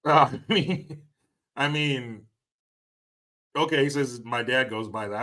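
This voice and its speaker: A middle-aged man with a bright, forward voice hosts a casual live stream. He chats loosely with viewers, cracks jokes, laughs often and swears freely. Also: medium pitch, takes it slowly, long pauses. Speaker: livestream host.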